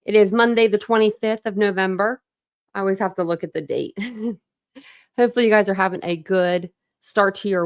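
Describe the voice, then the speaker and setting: Chatty gravelly-voiced woman livestream host. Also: medium pitch, dry recording, studio quality. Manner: chatty, greets viewers by name, laughs often. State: a bit out of breath. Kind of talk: casual livestream chat. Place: small room at home with dogs.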